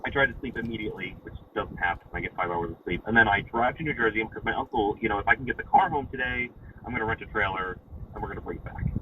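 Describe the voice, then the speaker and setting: A man of about twenty with a New York accent, calling in and telling a rambling story, swearing freely. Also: on the low side. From Long Island, New York. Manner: fast, animated, swears freely. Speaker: caller. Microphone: phone. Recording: muffled, distant phone call with noise.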